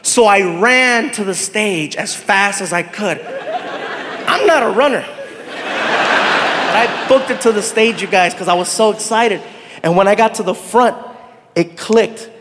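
A male stand-up comedian telling a story live on a theater stage, animated, shouting punchlines and laughing along. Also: sits high, unhurried, long pauses. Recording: live hall with crowd noise.

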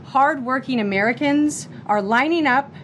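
A woman speaking as a press secretary, delivering a slow, rehearsed briefing. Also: high voice, fairly bright tone, rough recording. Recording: played-back clip with clear background noise.

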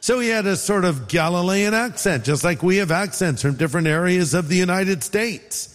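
A man's voice: high voice, lively intonation, moderate pace, long reverb tail. A man from California with a Californian accent, preaching a sermon in a conversational style full of rhetorical questions. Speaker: pastor.

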